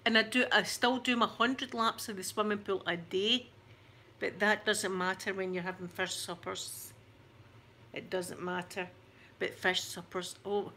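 A woman's voice: mid-range voice, fairly even intonation, a little slow, bright, forceful tone, a little hiss or hum. A woman in her forties with a thick Scottish accent, chatting to her camera in a rambling, self-mocking way. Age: 40s. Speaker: YouTuber.

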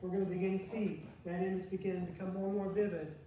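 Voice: mid-range voice, flat delivery, quick pace, warm tone. A pastor giving a conversational sermon, asking the congregation questions as he goes. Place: church sanctuary. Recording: very echoey church from far off, faint hiss.

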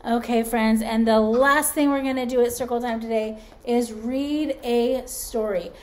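A woman's voice: on the high side, fairly even intonation. A woman preschool teacher leading circle time and reading aloud to young children in an encouraging way. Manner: slow, encouraging, talks to children as friends.

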